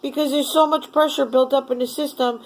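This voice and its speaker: High-voiced woman, furious profane rant. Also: steady tone, brisk, a little hiss or hum, low-quality recording. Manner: furious, profane, swears constantly. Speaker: vlogger. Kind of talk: angry rant to camera.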